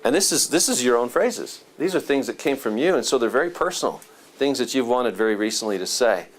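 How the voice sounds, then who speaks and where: A man's voice: medium pitch, lively intonation, brisk. A man leading a class discussion, chatty and encouraging, asking students for their impressions. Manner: chatty, encouraging, asks questions.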